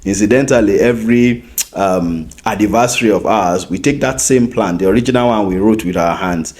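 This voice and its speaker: A man's voice: on the low side, brisk, darkish tone. A man with a Nigerian accent, a podcast guest who teases his wife about their story. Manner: teasing, playful interjections. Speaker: guest, husband. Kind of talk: podcast conversation.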